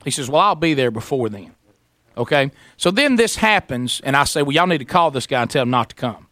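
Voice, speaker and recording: Male radio host, animated storyteller, bright tone, dry studio sound. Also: medium pitch, brisk, dry recording. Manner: animated storyteller, acts out voices.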